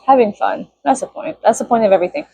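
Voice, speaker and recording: Profane, animated young woman venting. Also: fairly high pitch, fast, husky, dry recording. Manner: profane, animated, shrieks in mock outrage. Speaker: vlogger. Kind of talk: casual venting monologue.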